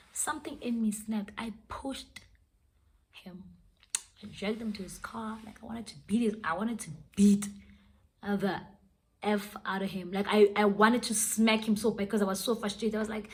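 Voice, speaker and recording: A young woman vlogger tells a dramatic story in a casual storytime video, switching between languages as she goes. Her medium-pitched voice has a fairly bright tone.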